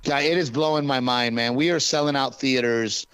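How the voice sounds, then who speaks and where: A male comedian chatting as a guest in an interview, telling stories with lively acted-out quotes. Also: medium pitch, normal speed, clear, resonant tone, no room sound, low-quality recording. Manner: animated storyteller, acts out arguments. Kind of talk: casual interview chat.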